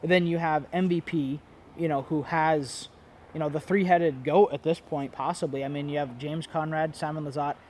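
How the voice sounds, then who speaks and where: Guy with a slightly higher voice just chatting his take, rambly, lots of um and you know. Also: steady tone, moderate pace, darkish tone, slight background noise. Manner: rambling, many fillers and restarts. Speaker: disc golf commentator and brand owner. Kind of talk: casual opinion monologue.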